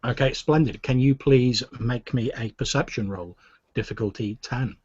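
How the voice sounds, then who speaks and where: A man narrating a tabletop game as game master, describing scenes in a measured way. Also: mid-range voice, darkish tone, dry recording, lo-fi sound. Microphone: desk USB microphone.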